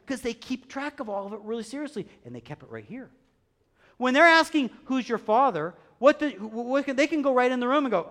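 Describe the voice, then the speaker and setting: A man preaching a sermon as pastor, acting out quoted voices and swinging between hushed, quiet stretches and loud bursts. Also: high-pitched, big pitch swings, normal speed.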